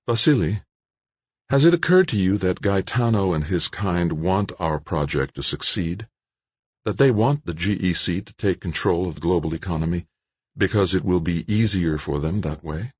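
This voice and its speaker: Man raising his voice to play a firm woman politician, earnest and pressing, husky, dry sound. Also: sits low, lively intonation, moderate pace, darkish tone, no room sound, voice pushed up. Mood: earnest, urgent.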